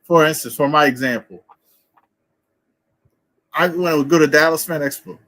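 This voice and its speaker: This man talks in a loose, rambling way on a livestream and laughs easily. His voice is bright and forward and sits slightly high. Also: moderate pace, rough recording. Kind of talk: casual chat.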